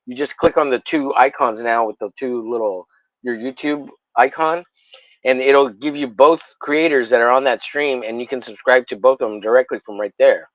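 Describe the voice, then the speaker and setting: A man's voice: mid-range voice, steady tone, moderate pace, dry recording, highs cut off. A man hosting a livestream in casual chat, rambling and swearing, with mock-angry jokes. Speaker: livestream host.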